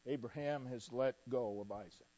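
A man preaching a sermon emphatically, swinging between loud declarations and hushed repeated refrains. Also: mid-range voice, normal speed, lo-fi sound.

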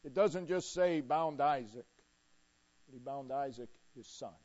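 A man preaching a sermon emphatically, swinging between loud declarations and hushed repeated refrains. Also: medium pitch, unhurried, highs cut off.

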